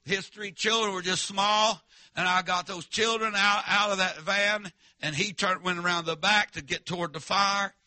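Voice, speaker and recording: A man preaching a revival sermon, telling a story in a folksy, emphatic way. His voice is very bright and a touch high. The sound is dry and close. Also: fairly even intonation, normal speed, no echo. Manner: folksy, emphatic, calls out to the congregation.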